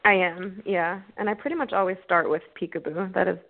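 Friendly guest woman with a lowish, gravelly voice who laughs often, heard over a phone line. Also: steady tone, fairly quick. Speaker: guest speech therapist. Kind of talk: casual interview answers.

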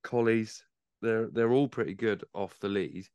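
A man with a low, smooth, resonant voice chats casually on a pub-style podcast. He swears freely and restarts his sentences as he goes. The sound is dry and close. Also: measured pace, darkish tone, no room sound. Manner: chatty, swears, trails off and restarts. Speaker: podcast host.

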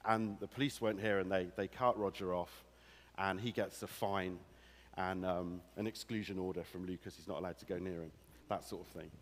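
A man preaching a sermon to a congregation, acting out a story with animated, direct address. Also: low voice, fairly quick. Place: church hall. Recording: long hall reverb.

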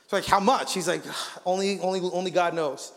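Man, high voice, sermon, animated storytelling, filler words, long hall reverb. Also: a little fast. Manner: animated storyteller, acts out quotes, frequent fillers. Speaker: guest preacher. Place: church auditorium.

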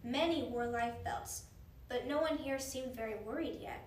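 A woman reading a children's book aloud in an expressive, animated way. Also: fairly high pitch, moderate pace. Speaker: storyteller. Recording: roomy, distant mic, faint noise.

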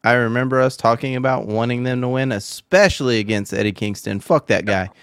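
A man's voice: mid-range voice, a little fast, fairly bright tone, clean tone, no echo, studio quality. A man co-hosting a casual wrestling review podcast, laid-back and blunt, swearing casually. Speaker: podcast co-host.

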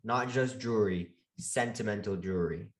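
A young woman chatting casually with a friend, teasing and quick, full of fillers. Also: extremely low pitch. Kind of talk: casual chat.

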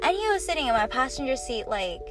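A woman's voice: high voice, big pitch swings, quick pace, over music. A young woman guest on a podcast, telling stories in laid-back slangy chat. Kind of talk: casual chat.

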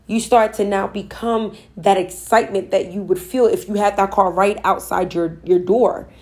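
A woman's voice: mid-range voice, fairly even intonation, moderate pace, a little mellow. Woman talking spirit and manifesting, earnest and emphatic, repeats herself, casual storytelling. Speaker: spiritual speaker. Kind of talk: personal storytelling about manifesting.

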